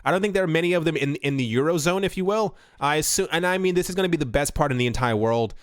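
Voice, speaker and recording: Male host, talky and rambling, fairly high, smooth clean tone. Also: fast talker, no room sound, clean studio sound. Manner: chatty, rambling asides with fillers. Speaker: crypto news host. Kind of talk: casual commentary.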